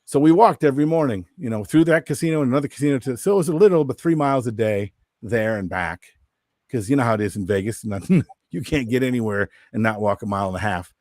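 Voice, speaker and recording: A man telling a long story as a podcast guest, lively and quick to mimic others in high, mocking voices. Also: no echo, studio quality. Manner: animated, jumps into high mocking voices when quoting. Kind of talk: casual storytelling. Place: Minnesota-based.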